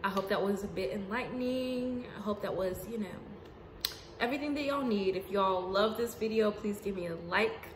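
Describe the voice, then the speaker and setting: A woman giving an unscripted spiritual monologue to her viewers, casual and profane, swinging between emphatic outbursts and hushed asides. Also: mid-range voice, normal speed. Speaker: spiritual vlogger. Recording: roomy echo with faint background noise.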